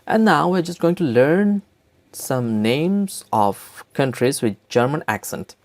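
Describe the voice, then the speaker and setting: A man teaching a language lesson, speaking slowly and deliberately and repeating each word for learners. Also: a little high, animated. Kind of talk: slow spoken language lesson.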